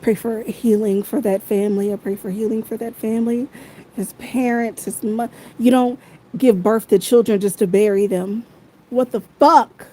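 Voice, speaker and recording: A woman's voice: a little high, fairly even intonation, normal speed, mellow, rough recording. A woman in a heated, profane livestream rant, repeating her phrases over and over, talking into her phone.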